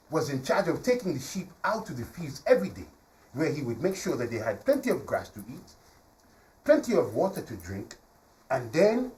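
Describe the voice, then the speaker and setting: Man, live storyteller, animated swooping pitch, playful, studio audience, distant mic. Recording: voice from a distance, faint ambience.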